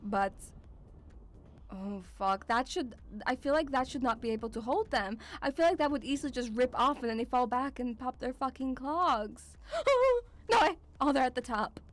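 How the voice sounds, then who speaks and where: A woman's voice: sits high, moderate pace. A woman streamer reacting to a video, swearing freely, shrieking and laughing in fright and calling her viewers sweetie. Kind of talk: casual reaction commentary.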